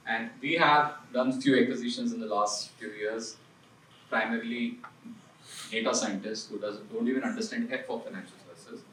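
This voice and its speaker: In a seminar room, a man who heads an investment firm gives a punchy, conversational talk, frequently tossing rhetorical questions at the audience. His voice is medium-pitched and fairly bright, captured on a distant mic in a low-quality, roomy recording with slight background noise.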